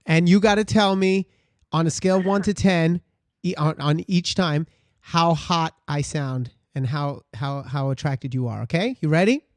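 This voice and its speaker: A man with a Brooklyn accent hosting a casual interview, excitable and playful. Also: on the high side, moderate pace, no room sound. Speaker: podcast host.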